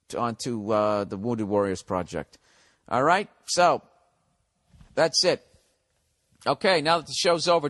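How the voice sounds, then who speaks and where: A man's voice: medium pitch, fairly bright tone, dry recording. A man hosting a solo podcast, rambling through blunt, profane rants. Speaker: podcast host.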